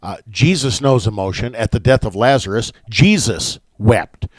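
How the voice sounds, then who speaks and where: A man's voice: lowish voice, animated, moderate pace, dry recording. Guy hosting bible chat, friendly back and forth, dry close sound. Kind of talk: Bible study talk.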